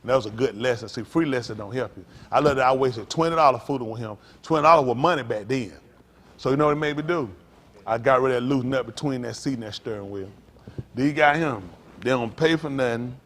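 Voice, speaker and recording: A fast-talking middle-aged man of medium pitch preaches as a pastor, rambling through folksy anecdotes before leaping into loud, emphatic moments for the congregation.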